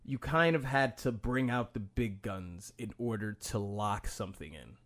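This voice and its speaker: A man's voice: on the low side, a little slow, a bit bright. A young man on a podcast, chatting casually, explaining things with acted-out quotes, stumbling restarts and swearing. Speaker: podcast host. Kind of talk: casual chat.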